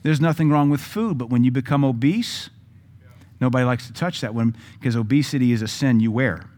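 A man's voice: mid-range voice, brisk, darkish tone. Joking conversational male pastor. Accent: Southern US. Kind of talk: sermon.

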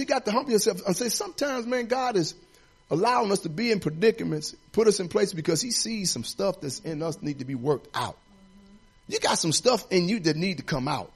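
A middle-aged man preaching a sermon, his husky voice riding a high, animated line. He climbs into ringing declarations, then falls back to a low, confiding storytelling tone. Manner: preaching with rising declarations and dropping to quiet storytelling. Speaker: assistant pastor.

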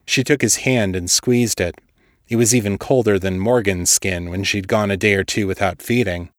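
A male storyteller with a fairly low voice reads a scripted story in a steady, measured way. The recording is close and dry, with no room sound. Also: no echo. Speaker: storyteller, podcast host. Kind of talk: scripted audiobook narration.

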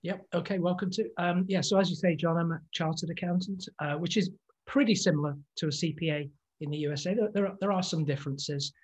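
A man's voice: on the high side, fast, slightly rough. An English man in his sixties, a podcast guest, talking politely and in a friendly way, stumbling a bit at the start of sentences. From England. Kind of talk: casual interview chat.

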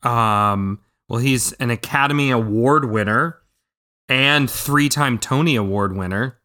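A man's voice: medium pitch, measured pace, sharp tone. A man co-hosting a podcast, chatting casually and eagerly about films, with frequent ums and restarts. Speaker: podcast co-host. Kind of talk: casual movie discussion.

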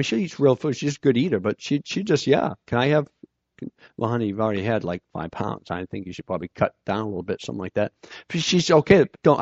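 Conversational pastor preaching, dry and dull. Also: male voice, mid-range voice, darkish tone, no room sound. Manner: conversational, repeats words as he restarts. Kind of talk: sermon.

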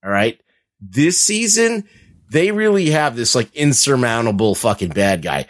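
A man chatting loosely on a podcast, his mid-pitched voice wandering through long recaps. He swears freely and laughs now and then as he talks. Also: sing-song, a little slow. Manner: rambling, profane, laughs while talking. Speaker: podcast co-host. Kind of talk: casual chat.

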